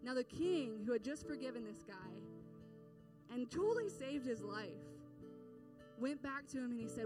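A woman's voice: fairly high pitch, lively intonation, normal speed, pauses often, distant mic, music in the background. A woman giving a sermon, paraphrasing a parable in a casual storytelling way with many fillers.

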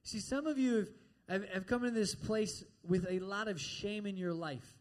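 A high-voiced man preaching a sermon in a church. He talks to the congregation in a direct, conversational way and keeps checking in with quick asides like "all right?". His pitch sits well above most men's.

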